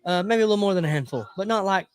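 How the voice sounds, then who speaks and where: A man spins a rambling, animated tale on a casual podcast. He slips into other people's voices as he goes. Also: high-pitched, racing. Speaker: podcast host. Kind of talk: casual storytelling chat.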